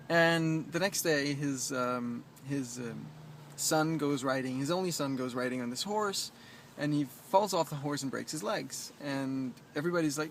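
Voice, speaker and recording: A man coaching in a casual vlog from an outdoor rooftop, talking in a hesitant, reflective way full of ums and restarts, gently reassuring. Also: medium pitch, moderate pace, slight background noise. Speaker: life coach.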